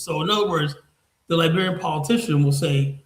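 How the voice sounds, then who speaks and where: A man's voice: on the high side, brisk, echoey room, rough recording. A man hosting a podcast, talking bluntly and profanely in a heated casual discussion. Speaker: podcast host.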